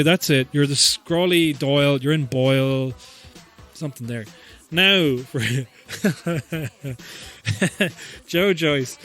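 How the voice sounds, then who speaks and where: A man rambles through a comic podcast riff, swearing freely and laughing as he goes. His voice sits at an ordinary middle pitch, with faint music under it. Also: fairly bright tone. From Ireland. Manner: profane, rambling, joking, laughs often. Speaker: podcast host. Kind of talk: comedic rambling chat.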